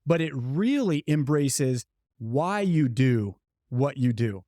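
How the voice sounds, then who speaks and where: A middle-aged man co-hosting a business podcast, telling a story earnestly and slowing down to stress key points. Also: medium pitch, big pitch swings, warm tone, no echo, clean studio sound. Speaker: podcast co-host. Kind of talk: motivational podcast talk.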